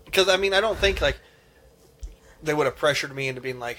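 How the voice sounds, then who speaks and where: A man with a sharp, bright tone and a voice pitched a little high chats on a podcast. He tells personal stories in an earnest, rambling way. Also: brisk. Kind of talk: casual chat.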